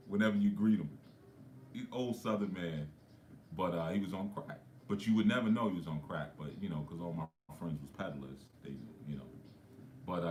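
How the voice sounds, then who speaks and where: A low-pitched man tells stories to his livestream viewers. He speaks conversationally and keeps dropping in frequent asides. His voice echoes around a roomy space, with faint ambience underneath. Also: very animated, normal speed, darkish tone, a little hiss or hum. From New York. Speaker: spiritual coach. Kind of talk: livestream talk.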